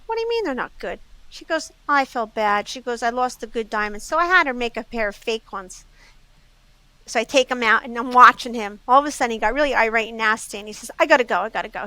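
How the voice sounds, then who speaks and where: A jewelry store owner telling lively customer stories in casual chat, acting out what her customers said in a Southern US accent. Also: a little high, no room sound, low-quality recording. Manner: lively anecdotes, acts out customers' quotes. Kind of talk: casual storytelling.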